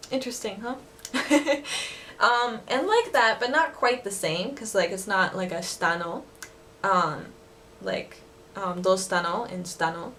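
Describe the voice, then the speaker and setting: A woman's voice: mid-range voice, a bit bright, slight background noise. A woman giving a casual video lesson on dialect phrases, chatty and giggly, with lots of fillers. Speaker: language vlogger teaching dialect phrases.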